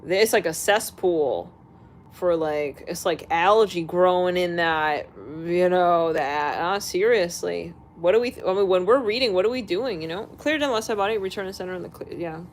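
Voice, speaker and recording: A woman's voice: lowish voice, normal speed, slight background noise. Blunt, profane woman ranting to viewers. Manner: blunt and profane, laughing between remarks. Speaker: astrology channel host. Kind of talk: casual rant to viewers.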